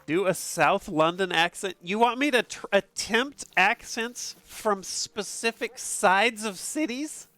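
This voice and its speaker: A man casually commentating a game stream from an upstairs room at home, excitable and profane, laughing often. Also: high-pitched, slow pace, few pauses, no room sound.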